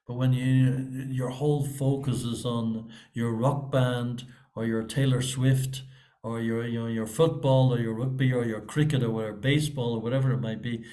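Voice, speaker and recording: A man's voice: mid-range voice, dark tone. A man giving a reflective scripture class online, talking loosely with many fillers and restarts. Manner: conversational, rambling, frequent fillers and restarts.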